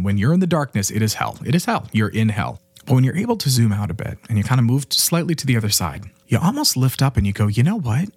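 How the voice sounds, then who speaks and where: Earnest young man with a husky, lively voice. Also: on the low side, no room sound. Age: 20s. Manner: earnest and fervent, with frequent "you know" and "right?". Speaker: podcast host and life coach. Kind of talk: motivational self-help monologue.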